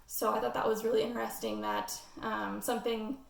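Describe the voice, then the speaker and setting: An American woman with a General American accent presents a class assignment in a casual spoken style, hesitating and filling pauses with lots of "um." Her fairly high voice is flat, brisk, and gravelly, picked up from a distance in an echoey room.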